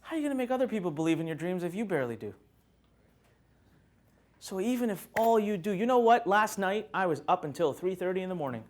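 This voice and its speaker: A man's voice: sits high, quick pace. A man speaking to a live workshop audience as a motivational speaker, telling stories animatedly, acting out scenes and joking with the room. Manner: animated storytelling, acts out scenes, jokes with the audience. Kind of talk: live motivational seminar talk.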